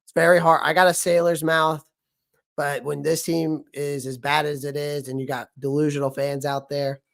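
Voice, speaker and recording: A man hosting a fan livestream about his football team, hoarse from losing his voice, talking bluntly and repeating his points. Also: fairly high pitch, flat delivery, moderate pace, a bit bright. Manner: blunt, emphatic, repeats himself. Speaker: sports fan show host. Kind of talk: livestream sports rant.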